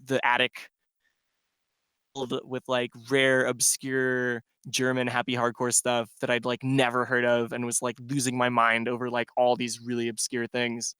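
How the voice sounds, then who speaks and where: With a completely flat delivery at normal speed, a DJ guest rambles through a long story on a casual podcast, saying "like" constantly. His medium-pitched voice sounds sharp and clean, recorded in a clean studio without echo.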